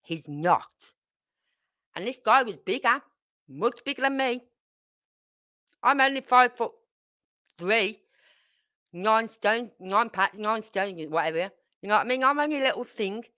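A woman's voice: on the high side, lively intonation, normal speed, pauses often, sharp tone. A middle-aged woman, telling blunt, salty stories casually to her viewers as a channel host. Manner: blunt, salty, tells stories with acted quotes. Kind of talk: casual storytelling to camera.

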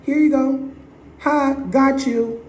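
A woman's voice: high voice, steady tone, takes it slowly, darkish tone, reverberant, muffled recording, slight background noise, voice pushed up. A woman putting on a manipulator who toys with a dog by dangling a snack, singsong and teasing. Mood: taunting. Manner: singsong, toying.

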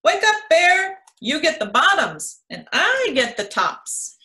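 A woman plays a sly male hare from a children's storybook, a cheerful trickster who chirps his deals high and bright. The voice rides well above a normal speaking pitch and stays crisp and forceful. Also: sing-song, takes it slowly, exaggerated voice. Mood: cheerful, teasing.

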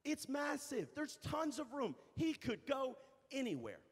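A young adult man, a youth pastor, telling a story in a sermon, animated and repeating phrases for emphasis. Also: extremely high pitch, a little slow. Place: church hall. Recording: reverberant church hall.

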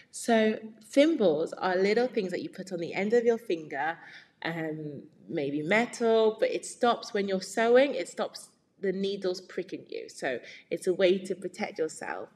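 A woman's voice: mid-range voice, animated, measured pace, a little mellow. A woman reading a storybook aloud for children, explaining words and asking them questions. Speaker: read-aloud teacher. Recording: long reverb.

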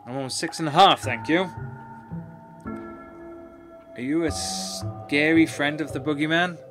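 A man's voice: fairly high pitch, a little slow, over music, lightly acted. A man reading aloud the lines of a timid, suspicious little girl of about six in a video game. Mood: wary. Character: wary little girl, nearly six and a half.

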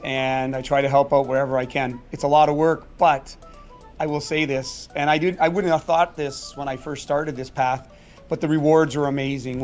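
A man's voice: fairly high pitch, a little mellow, dull audio. A middle-aged man answering interview questions in a chatty, storytelling way, with fillers and restarts. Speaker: guest magician.

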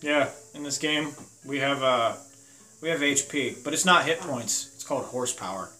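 A man's voice: mid-range voice, moderate pace, bright, forceful tone, roomy sound, rough recording. A young man giving crude, joking gameplay commentary, reading game dialogue in silly voices. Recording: game music behind the voice.

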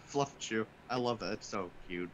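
A man in casual chat, reacting to memes with excitable outbursts and mumbled asides. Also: on the low side, normal speed, highs cut off, a little hiss or hum. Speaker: co-host.

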